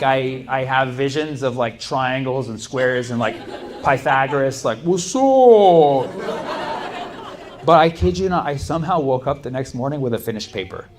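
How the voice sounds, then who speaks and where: A man doing a stand-up set in a comedy club, chatting with the crowd in a loose, laid-back way, full of likes and you-knows, often laughing. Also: medium pitch. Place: comedy club stage with an audience. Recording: live club room with noise.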